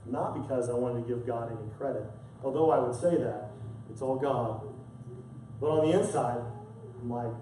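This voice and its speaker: In a church sanctuary, a male pastor preaches a sermon, telling a personal story with earnest emotion and repeating words as he goes. His medium-pitched voice is animated and warm at normal speed, with echoey, distant church sound and a little hiss or hum.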